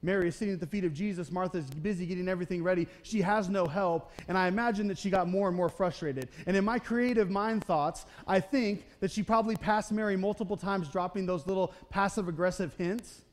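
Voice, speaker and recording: A man with a high voice preaches a sermon in a church sanctuary. His delivery is casual and chatty. He keeps asking the congregation "okay?" and "right?" as he retells the story. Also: a little fast, few pauses. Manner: conversational preaching, often checking in with "okay? right?"; acts out the Bible characters' voices in short quotes. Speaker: pastor.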